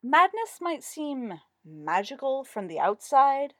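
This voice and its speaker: A woman's voice: fairly high pitch, very animated, measured pace, dry recording, studio quality, voice pushed up. A woman doing a petulant, whiny young man. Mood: sullen. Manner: whiny, sulky. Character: petulant, sullen young male theatre artist.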